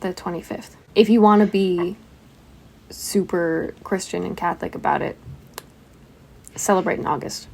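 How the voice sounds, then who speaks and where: Wry, gravelly woman podcast host. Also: lowish voice, steady tone, normal speed, long pauses, darkish tone, low-quality recording. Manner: wry, teasing, laughs often. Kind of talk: casual podcast chat. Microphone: headset.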